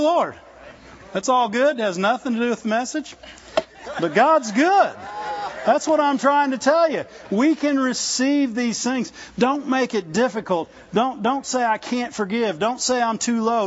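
A man's voice: very high-pitched, unhurried. A man preaching a sermon in a conversational, folksy way, often asking his listeners rhetorical questions. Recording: dull lo-fi recording.

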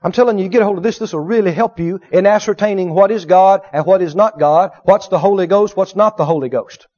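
A man preaching a sermon, animated, acting out little dialogues and swinging from loud to hushed. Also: high voice, fast. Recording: dull lo-fi sermon recording.

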